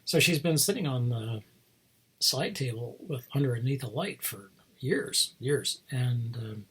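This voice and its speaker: A man's voice: medium pitch, animated, measured pace, a bit bright, husky. A man hosting a casual chat about toy figures, rambling into asides and chuckling often. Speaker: host showing toy figures.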